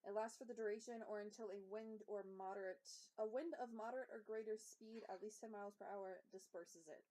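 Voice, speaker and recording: A woman player in a tabletop game who reads rule text aloud haltingly, correcting herself as she goes. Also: medium pitch, fairly even intonation, dark tone. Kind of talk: casual game chat, reading rules aloud.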